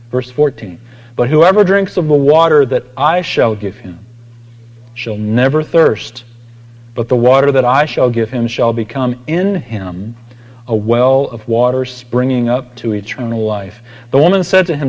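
A man delivers a sermon in a mid-pitched voice. He talks conversationally, rising for loud emphasis and sinking to quiet intensity. His voice rings out with a long echo through a church sanctuary. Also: expressive, moderate pace. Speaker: preacher.

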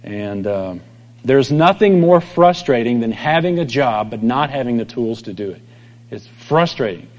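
A middle-aged pastor giving a conversational sermon, telling stories and acting out quoted voices. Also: male voice, medium pitch, animated, a little slow, darkish tone. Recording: long hall reverb.

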